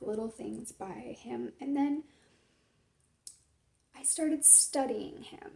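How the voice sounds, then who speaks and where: A woman's voice: on the high side, creaky, warm tone. A young woman sharing her personal faith testimony in a casual, rambling way, full of fillers. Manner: rambling, filler-heavy, lots of "like".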